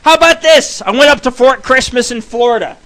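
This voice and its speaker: A man's voice: extremely high pitch, brisk, a bit bright. A man hosting a radio show, telling rambling, crude stories packed with swearing. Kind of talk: profane storytelling monologue.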